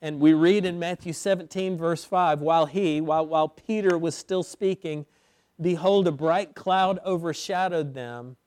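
A man preaching an expository sermon as pastor, emphatic, slowing down and repeating words for weight. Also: a little high, a little mellow, no room sound. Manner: emphatic, with slow stretched phrases and repeated words.

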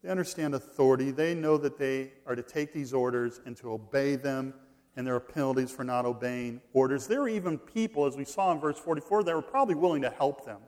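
A man preaching an expository sermon, reading scripture aloud. He stresses his points, repeats key phrases and swings between loud emphasis and quiet drops. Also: mid-range voice, fairly quick.

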